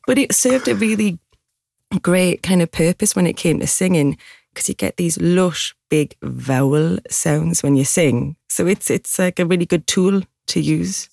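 Husky Geordie woman with a gravelly edge. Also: lowish voice, unhurried, dark tone, no room sound. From Newcastle, England. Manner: chatty, self-mocking, laughs often. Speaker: singer-songwriter guest. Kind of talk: casual interview chat.

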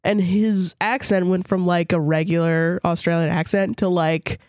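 A woman's voice: fairly low pitch, fairly even intonation, normal speed, a little mellow, no room sound, studio quality. A woman co-hosting a casual podcast, blunt and heavy on swearing as she tells stories. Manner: blunt, swears a lot, storytelling. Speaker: podcast co-host. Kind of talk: casual profane chat.

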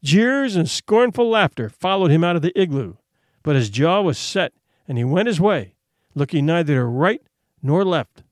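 Male audiobook narrator, expressive, lively pitch, fairly high voice, dry close sound. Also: moderate pace, dry recording. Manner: expressive storytelling.

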